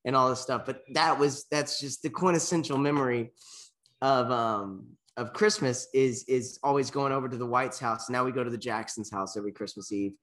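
Young man, casual podcast co-host, rambling talk, mid-pitched voice, gets choked up. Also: steady tone, moderate pace, fairly bright tone. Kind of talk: casual chat.

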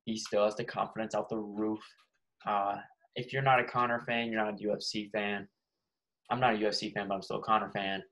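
Casual male podcast host, low and monotone, jokey. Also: brisk, low-quality recording. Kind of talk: casual chat.

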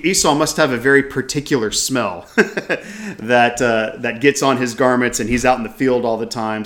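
A man's voice: mid-range voice, fairly bright tone. A man teaching from a scripture passage, reading verses aloud and then commenting on them with casual restarts and asides. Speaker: Bible teacher.

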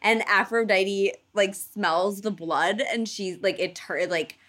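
A woman telling a story in casual chat, animated, full of fillers and casual swearing, acting out voices for the people in it. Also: medium pitch, slow. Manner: animated storyteller, acts out quoted gods in playful voices.

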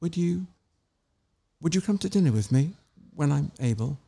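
A man's voice: on the high side, moderate pace, warm tone, lightly acted. A man voicing a timid young woman in love in a read-aloud story, with a light, slightly raised, confiding delivery.

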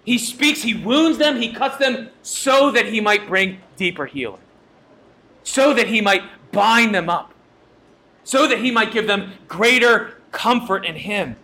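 A male pastor delivers a sermon with a high-pitched voice. His tone is bright and ringing. He preaches earnestly, pressing his points home by repeating them. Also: expressive, a little slow.

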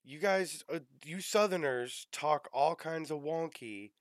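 A man's voice: on the high side, slow pace, no room sound, clean studio sound. A man chatting casually as a co-host, teasing his friends and sounding exasperated. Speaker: podcast co-host. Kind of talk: casual chat.

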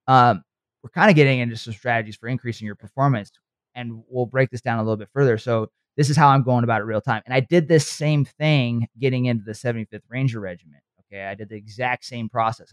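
A man in a motivational podcast talk, speaking earnestly like a coach and pausing to check that his listener follows. His voice sits at an ordinary middle pitch and is recorded close and dry, with no room around it. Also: steady tone, clean tone, no echo. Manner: earnest, coaching, checks in with frequent "okay" and "right".

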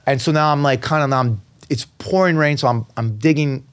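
A man's voice: mid-range voice, fairly quick, smooth. A middle-aged man from New York City, a podcast guest, telling a long story in rambling casual talk with many fillers and curse words. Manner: rambling, many fillers and restarts, swears freely.

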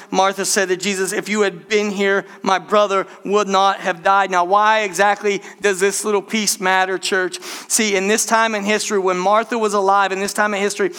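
A man's voice: high-pitched, bright, forceful tone, clear, resonant tone. A man preaching a sermon, addressing the congregation as church and acting out the people he quotes. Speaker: pastor.

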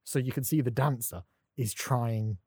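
A man's voice: mid-range voice, moderate pace, a little mellow, slightly rough, dry recording, studio quality. A man co-hosting a casual podcast chat, ranting with energy and putting on voices to mock what he quotes. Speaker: podcast co-host.

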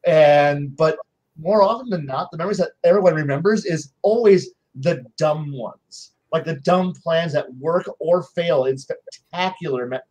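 Husky animated man telling table stories. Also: fairly high pitch, low-quality recording. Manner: animated, acts out players' lines in quick voices. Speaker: game master on a panel show. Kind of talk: casual storytelling chat.

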